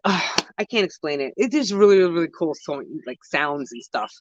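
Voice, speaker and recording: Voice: medium pitch, animated, a little fast. A New voice rambling through gardening answers, full of slang and half-finished thoughts that keep getting corrected. The sound is dull and lo-fi, picked up by a handheld phone, and close and dry with no echo to it. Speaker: gardening vlogger answering viewer questions. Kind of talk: casual chat. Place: outdoor home garden. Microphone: handheld phone camera while walking.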